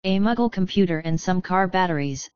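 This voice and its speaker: A woman's voice: lowish voice, expressive, fairly quick, darkish tone, smooth, dry recording, highs cut off, lightly acted. A woman voicing an earnest young wizard who eagerly explains his plans.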